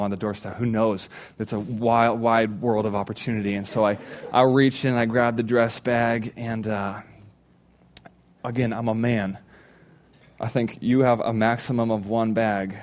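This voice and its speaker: A man in his thirties, a pastor giving a sermon, telling a funny personal story and acting out his own shouts. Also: lowish voice, little pitch movement, moderate pace. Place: church stage.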